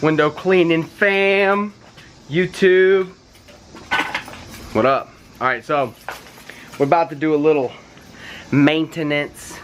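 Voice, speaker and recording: A man's voice: fairly high pitch, slow, pauses often, background noise. A man casually explaining pressure washer maintenance and equipment in a playful, joking vlog. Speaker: pressure washing business owner.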